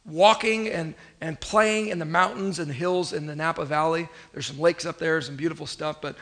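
A man's voice: fairly high pitch, fairly even intonation, normal speed, fairly bright tone. A man from Northern California, preaching a conversational, emphatic sermon as a pastor and prompting the congregation to answer back.

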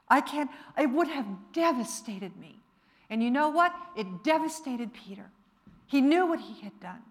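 A woman preacher delivering a sermon in church, emphatic and rising to forceful appeals. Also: on the high side.

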